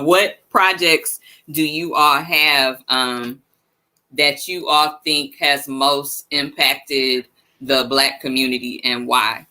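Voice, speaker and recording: A man moderates an online panel with a very bright, sharp tone. He speaks in a measured, consoling way and puts his questions to the guests. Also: mid-range voice, poor audio.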